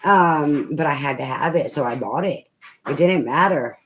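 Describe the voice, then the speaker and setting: A woman's voice: low-pitched, normal speed. A woman giving a casual spoken tarot reading, rambling, swearing freely and laughing often. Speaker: tarot reader. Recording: noisy home recording.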